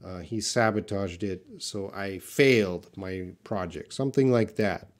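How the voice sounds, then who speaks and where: A man's voice: deep voice, a little slow. A man teaching English in a live question-and-answer class, reading out viewer comments and explaining them patiently with short example sentences.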